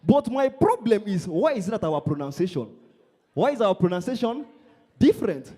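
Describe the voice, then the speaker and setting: A young Nigerian comedian with a Nigerian accent works a live crowd, bantering and poking fun at people. His high voice swoops up and down constantly. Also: sing-song, normal speed, warm tone, husky. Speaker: stand-up comedian.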